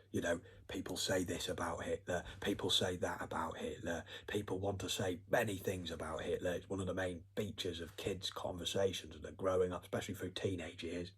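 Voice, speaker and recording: A man talks in a long, meandering, profane monologue. His voice is low and husky, and his thoughts drift loosely from one point to the next. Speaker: vlogger. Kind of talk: rambling monologue.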